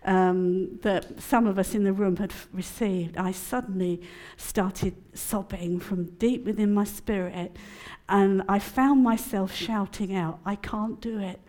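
A woman's voice: mid-range voice, fairly even intonation, measured pace, dark tone. A middle-aged woman gives an emotional, testimony-style sermon at a prayer conference, often laughing as she speaks.

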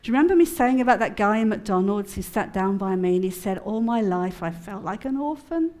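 A woman addresses a prayer conference in a medium-pitched voice, telling her own story and teaching from it. She is chatty and expressive and breaks into laughter easily. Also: brisk. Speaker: conference speaker. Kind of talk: personal testimony and teaching.

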